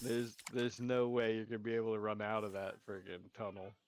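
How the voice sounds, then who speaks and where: A man with a fairly low voice chats casually with a fellow player. He teases and jokes in an easygoing way. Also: level tone, fairly quick. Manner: joking, teasing. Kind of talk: casual chat.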